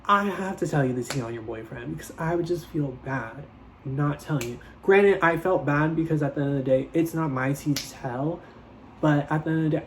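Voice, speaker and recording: Animated young male storyteller. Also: on the high side, slight background noise, rough recording. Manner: animated, dramatic, swears freely. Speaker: vlogger.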